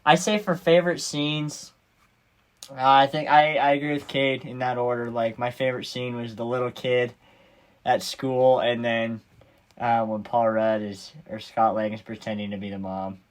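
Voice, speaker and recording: A man's voice: mid-range voice, flat delivery, normal speed. A man hosting a podcast in casual chat, laughing often and acting out movie lines. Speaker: podcast host.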